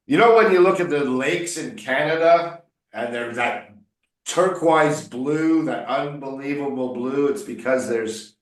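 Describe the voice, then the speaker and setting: A man coaching English one on one, patiently explaining words and drilling pronunciation by repeating them. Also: mid-range voice. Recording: roomy echo.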